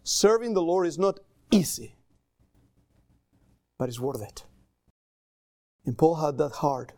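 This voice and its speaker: A male pastor preaching a sermon in a church in accented English with small grammar slips, conversational and animated. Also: a little high, dry recording. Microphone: livestream camera mic.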